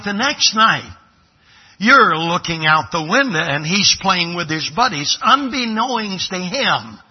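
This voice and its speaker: A man's voice: sits high, breathy edge, lo-fi sound. A man from Brooklyn preaching a sermon, dramatic and emphatic, acting out little scenes. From Brooklyn, New York. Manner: emphatic, dramatic pulpit delivery with acted-out dialogue.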